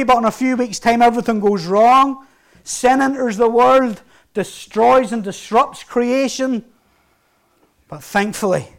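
A male pastor preaches in a notably high voice, pushing his points with rising emphasis before dropping into hushed, slower phrases.

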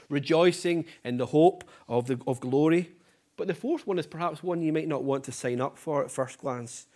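A man preaching a sermon in an earnest, emphatic way, repeating key phrases and letting line ends fall soft. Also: a little high.

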